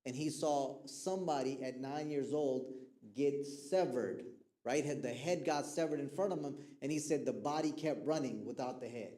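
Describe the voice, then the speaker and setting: A man's voice: medium pitch, normal speed, mellow. A man who counsels young people, giving a casual talk to a youth group that keeps checking in with the listeners and acts out the people he quotes. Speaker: mental health counselor speaking to youth.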